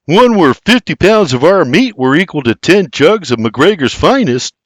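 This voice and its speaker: An eager young farmhand who whoops and gushes, voiced by a man in an audiobook. He is pitched noticeably higher than a grown man's talk and leaps about in tone. The sound is dry and close. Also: very animated, moderate pace, dry recording. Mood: excited.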